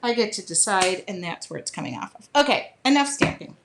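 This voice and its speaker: A woman's voice: medium pitch, sing-song, a little fast, creaky, noisy background. A middle-aged woman hosting a live art journaling demo, chatting casually and laughing often as she works. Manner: chatty, laughs often, talks while working.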